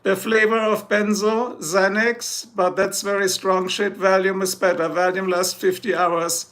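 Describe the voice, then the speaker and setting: A man's voice: high-pitched, flat delivery, a little slow, a bit bright. A man chatting casually on a live stream, boastful and joking, rambling from one thing to the next. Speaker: livestreamer.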